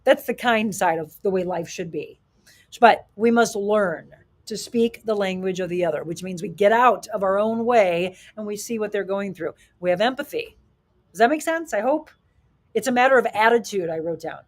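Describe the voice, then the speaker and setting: A middle-aged woman hosts a live talk, speaking with animated, emphatic energy. She often poses rhetorical questions to her viewers and reads their comments aloud. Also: medium pitch, normal speed. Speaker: show host.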